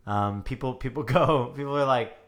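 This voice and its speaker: A man's voice: medium pitch, normal speed, fairly bright tone. A man co-hosting a casual chat, telling stories animatedly and laughing often. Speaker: podcast co-host.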